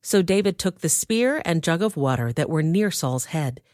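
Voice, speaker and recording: A woman reading scripture aloud in a steady, measured way. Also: sits low, no echo, studio quality. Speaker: scripture reader. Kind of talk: Bible reading.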